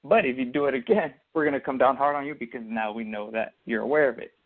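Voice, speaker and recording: A man's voice: mid-range voice, fast talker. A man co-hosting a casual sports podcast, explaining his take at length with lots of fillers and restarts. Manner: rambling, filler-heavy explaining. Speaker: podcast co-host. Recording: tinny phone-like audio.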